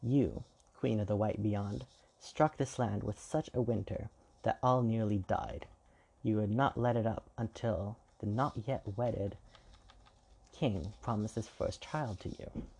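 An all-seeing fairy laying out charges in a fairy-tale reading, voiced by a man. The sound stays low, dark and rough. She speaks with a grating, accusing edge. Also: unhurried, full character voice, poor audio.

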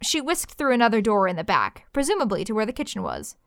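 A woman narrating a fantasy story in a lively, expressive reading. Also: fairly high pitch, fast talker, dry recording, studio quality.

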